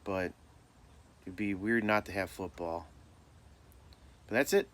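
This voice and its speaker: Man, middle-aged, from Michigan, lowish voice, laid-back, self-deprecating, casual storytelling. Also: slow, a bit bright. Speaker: storyteller vlogger.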